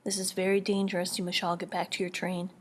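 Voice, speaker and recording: A woman reading as a gentle father saying goodbye to his children, calm and urgent in a hushed voice. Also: on the low side, fast talker, slight background noise, close to an everyday voice. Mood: tender urgent.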